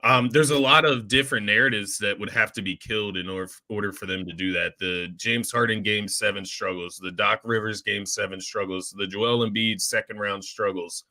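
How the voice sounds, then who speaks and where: A man's voice: fairly low pitch, fairly even intonation, normal speed, few pauses, sharp tone, no room sound. A man co-hosting a sports talk show, earnest and fan-like, often stammering into his points. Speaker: co-host of a sports podcast.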